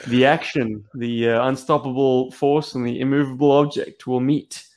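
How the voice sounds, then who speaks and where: A man's voice: mid-range voice, flat delivery, moderate pace, a little mellow. Easygoing man hosting a podcast. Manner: easygoing, chatty. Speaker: podcast host. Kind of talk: casual chat.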